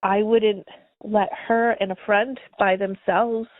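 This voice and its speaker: A woman's voice: medium pitch, little pitch movement, slow pace, no echo. A woman in her thirties co-hosting a podcast, rambling in casual chat, full of "like" and giggles. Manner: says "like" constantly, rambling and giggly. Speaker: podcast co-host. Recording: dry, tinny phone-like sound.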